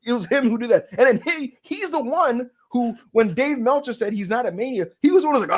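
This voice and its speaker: A man's voice: very high voice, fairly quick, hardly any pauses. A man co-hosting a wrestling podcast, ranting in a casual, profane and exaggerated way. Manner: animated, profane, exaggerated storytelling. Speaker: podcast co-host.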